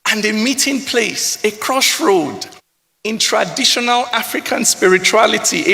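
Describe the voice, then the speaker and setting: Nigerian man, spoken word poet, bright forceful tone, rhythmic oratory, reverberant hall. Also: high-pitched, animated, measured pace, creaky. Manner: rhythmic, rising oratorical delivery with pidgin phrases.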